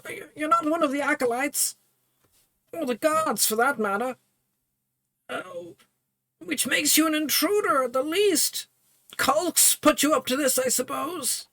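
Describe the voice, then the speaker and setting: A man voicing an aging male priest in a game, with failing eyes and sharp wits, who talks in a fussy, stammering, mildly sarcastic way. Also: very high voice, unhurried, gravelly, pauses often, no echo, pitched above the performer's own voice, exaggerated voice, low-quality recording. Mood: wry, worried.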